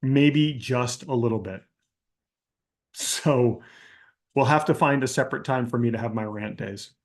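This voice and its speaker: A man coaching an online class in a live Q&A, ranting with exasperation and mimicking people in mocking quotes, then walking through a screen-share demo. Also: medium pitch. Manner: calmer screen-share tutorial delivery. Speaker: business coach hosting a live Q&A.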